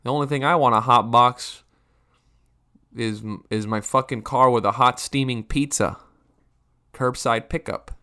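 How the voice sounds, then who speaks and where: A man's voice: mid-range voice, unhurried, long pauses, pushed and bright. A man around thirty ranting casually for laughs, rambling and swearing, often restarting his sentences and poking fun at himself. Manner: rambling, profane, self-mocking, frequent restarts. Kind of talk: casual comedic rant.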